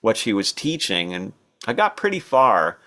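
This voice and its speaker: Older guy on a podcast, low voice, rambling through old memories with lots of ums. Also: sing-song, moderate pace, bright, forceful tone. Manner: thoughtful, reminiscing, many fillers and restarts. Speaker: podcast guest. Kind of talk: relaxed storytelling interview.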